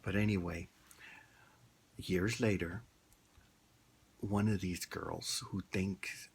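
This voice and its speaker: A man with a very deep voice delivers a blunt, rambling rant at an unhurried pace. His tone is rough and gravelly throughout, and faint background noise sits under the voice. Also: fairly even intonation. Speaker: vlogger. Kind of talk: casual opinion monologue.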